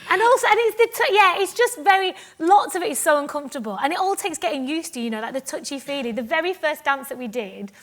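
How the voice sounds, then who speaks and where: A woman from Cumbria, a guest on a live festival stage, chatting in an animated, self-mocking way, laughing often and acting out what others said to her. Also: high-pitched, fast, hardly any pauses. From Cumbria, England. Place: festival stage before an audience. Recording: live stage mic with audience ambience.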